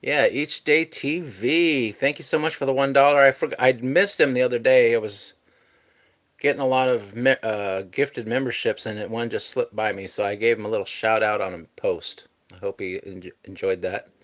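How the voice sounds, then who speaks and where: A man's voice: lowish voice, fairly even intonation, normal speed. A man hosting a casual live stream, chatting easygoingly and thanking viewers as he reads out their messages.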